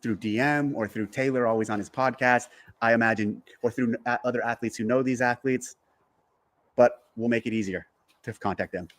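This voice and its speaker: A man calmly explaining in a measured, reassuring way in a played clip. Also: mid-range voice. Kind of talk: casual explaining.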